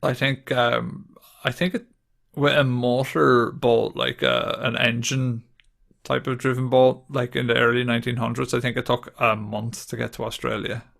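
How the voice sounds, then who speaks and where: Host: English man, very gravelly voice, flat delivery, casual podcast chat. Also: medium pitch, normal speed. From England. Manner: chatty, laughs easily, reads notes aloud.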